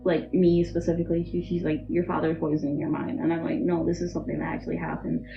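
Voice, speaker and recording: A young woman with a somewhat low voice and a gravelly edge, talking haltingly as she recounts personal hardship. The recording is dull and muffled, with faint music underneath. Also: flat delivery. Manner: halting, full of "like" and "um". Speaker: interview guest. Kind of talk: emotional personal testimony.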